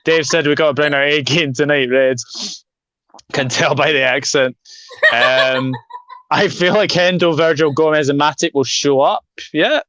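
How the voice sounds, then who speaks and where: A man's voice: a little high, a little slow, sharp tone, dry recording. A man hosting a live football preview, joking and reading out viewer comments. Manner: jokey, reads out live comments. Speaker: podcast host. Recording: dry, dull lo-fi mic.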